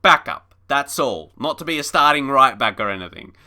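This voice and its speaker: A man's voice: medium pitch, animated, normal speed, sharp tone. A man commentating casually on a live stream of a football management game, chatty and mock-frustrated, laughing and talking to his chat.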